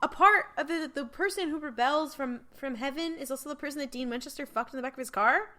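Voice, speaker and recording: Woman, podcast co-host, high voice, blunt, emphatic, casual swearing. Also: quick pace, sharp tone, a little hiss or hum. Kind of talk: casual banter.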